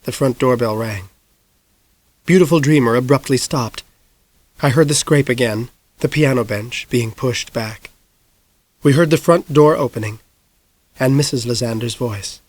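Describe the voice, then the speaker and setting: A man in his forties narrating an audiobook in a measured storytelling voice, close on a studio mic. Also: medium pitch, no room sound. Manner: measured storytelling, rising to shouts in action. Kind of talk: scripted narration.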